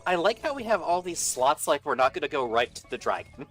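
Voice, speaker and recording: A man's voice: fairly high pitch, sing-song, fairly quick, a bit bright, faint music behind. A man co-hosting a game stream, talking casually to chat, rambling and restarting his sentences and laughing at himself. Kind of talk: casual chat while gaming.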